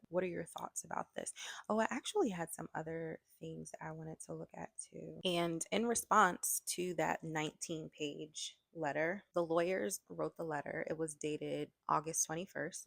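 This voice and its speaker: Low gravelly-voiced woman commentator. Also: fairly even intonation, normal speed, no echo. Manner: frank, exasperated, many filler words. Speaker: online commentator. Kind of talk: casual commentary vlog.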